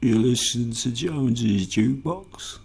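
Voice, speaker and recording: A man with a Liverpool accent putting on the drawn-out announcer delivery of a male radio DJ. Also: mid-range voice, vocal fry, a little mellow, slightly rough. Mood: announcing. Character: smooth-talking male radio DJ, slow and showy. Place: home studio in a block of flats.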